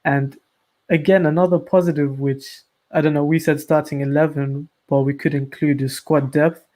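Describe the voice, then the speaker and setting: A man co-hosting a casual football podcast, making measured counterpoints. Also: a little high, flat delivery, warm tone. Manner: measured, plays devil's advocate. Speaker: podcast co-host.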